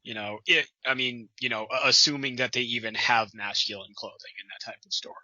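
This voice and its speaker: A man with a very bright, edgy voice trades wry remarks with his co-host. He stammers a little and uses mild, old-fashioned exclamations. The sound is dry and a little dull. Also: medium pitch, brisk, no echo. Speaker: podcast co-host. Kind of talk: comedic commentary.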